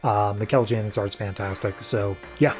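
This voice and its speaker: A man's voice: lowish voice, steady tone, moderate pace, faint music behind. Chatty man recapping comics. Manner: chatty, retells scenes. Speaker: podcast host. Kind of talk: casual comic book recap.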